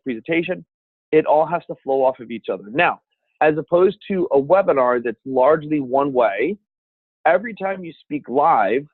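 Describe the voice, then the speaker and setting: A man teaching a seminar on speaking with an energetic, emphatic coaching delivery. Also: medium pitch, no echo. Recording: dry, phone-like sound.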